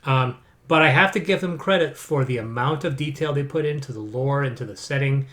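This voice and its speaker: A man's voice: mid-range voice, a little fast, a bit bright. A man co-hosting a casual chat, rambling with frequent restarts and repeated words. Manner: sarcastic aside. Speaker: board game podcast co-host.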